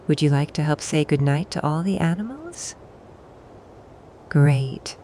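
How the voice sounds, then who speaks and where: Slow, soft-spoken woman reading bedtime stories. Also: low-pitched, expressive, a little hiss or hum. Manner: soft and soothing, pausing for the child to answer. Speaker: bedtime story narrator. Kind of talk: gentle bedtime storytelling for toddlers.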